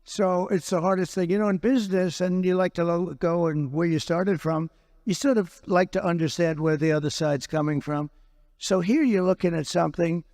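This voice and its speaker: A man with a fairly high speaking voice talks in an unscripted interview. He hammers his points and keeps repeating phrases. He speaks as a politician answering a host's questions. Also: fairly even intonation, normal speed, darkish tone. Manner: emphatic and repetitive, circles back to phrases.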